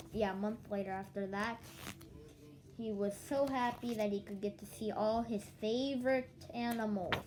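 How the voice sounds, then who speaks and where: A woman's voice: medium pitch, dark tone, a little hiss or hum, poor audio. Sleepy young woman rambling casually. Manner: rambling, restarts, quotes others in dialogue. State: yawning, sleepy. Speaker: vlogger.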